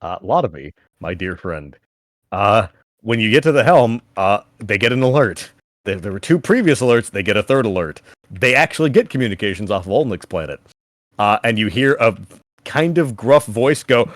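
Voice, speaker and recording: Brief: male game master, very animated, dry close mic, casual and laughing. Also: fairly low pitch, normal speed, dry recording. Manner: casual, laughing, swears freely. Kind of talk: narrating a tabletop game.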